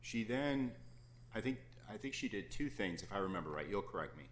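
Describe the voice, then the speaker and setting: A man's voice: lowish voice, lively intonation, brisk. A man questioning counsel from the bench as an appeals judge, probing and conversational, correcting himself as he goes. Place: courtroom. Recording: echoey courtroom with faint noise.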